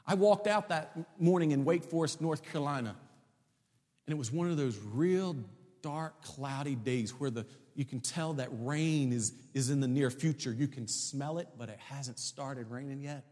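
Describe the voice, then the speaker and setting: A man preaching a sermon as a story, acting out conversations and building to loud shouts. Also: medium pitch, moderate pace. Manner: animated, acts out dialogue, builds to shouts. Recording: long hall reverb.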